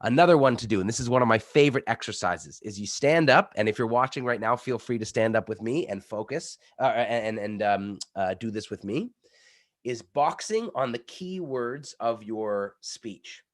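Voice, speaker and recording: A man coaching public speaking, energetic and demonstrative, while he is sick. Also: normal speed. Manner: energetic, demonstrative, shifts between loud pitch demos and quieter explanation. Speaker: pitch coach. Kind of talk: coaching workshop talk.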